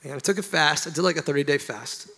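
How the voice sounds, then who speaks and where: Gravelly pastor in an echoing church. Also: male voice, fairly high pitch, a bit bright. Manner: earnest, emotional, halting with restarts. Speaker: worship pastor. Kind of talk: confessional sermon storytelling. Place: church stage.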